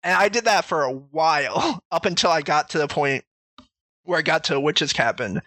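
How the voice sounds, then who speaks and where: A man's voice: a little high, lively intonation, moderate pace, sharp tone, no echo. A man in casual chat about a video game, rambling and swearing freely as he tells stories.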